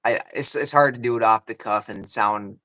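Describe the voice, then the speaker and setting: A man's voice: medium pitch, normal speed, pushed and bright. Rambling man in casual podcast chat. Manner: rambling, repeats himself, filler-heavy. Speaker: podcast co-host.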